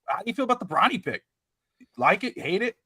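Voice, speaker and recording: Man, podcast host, casual sports talk, animated, laughing, dry close sound. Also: high voice, quick pace, breathy edge, no echo. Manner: animated, laughing, swears freely. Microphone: live stream call.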